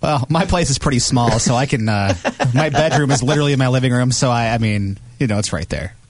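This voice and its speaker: A man's voice: mid-range voice, quick pace, no echo. A man co-hosting a morning radio show, chatting cheerfully and joking at his own expense, laughing often. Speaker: radio co-host. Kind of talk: casual radio banter.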